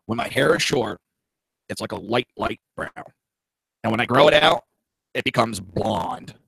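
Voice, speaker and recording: A middle-aged man hosts a political talk show in a blunt, profane way, dropping mocking asides. His voice has a gravelly edge and a sharp, bright tone. The recording is dry and close, with no room sound. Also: medium pitch, lively intonation, measured pace, no room sound, low-quality recording.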